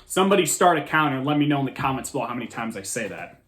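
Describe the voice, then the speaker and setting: A young man hosting a casual movie review, talking excitedly and rambling with frequent restarts. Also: mid-range voice, rapid-fire, a little hiss or hum. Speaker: host of a movie review show.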